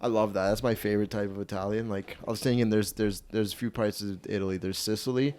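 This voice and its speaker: A man's voice: on the low side, steady tone, quick pace, a little mellow. A man in his twenties hosting a comedy podcast, rambling, profane and self-mocking. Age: 20s. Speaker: podcast host and stand-up comedian. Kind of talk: casual comedy podcast chat.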